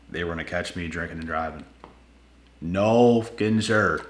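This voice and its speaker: Man, deep-ish voice, casual animated storytelling, slang and cursing, echoey room. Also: a little slow. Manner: animated, swears freely, slangy. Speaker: channel host telling a personal story.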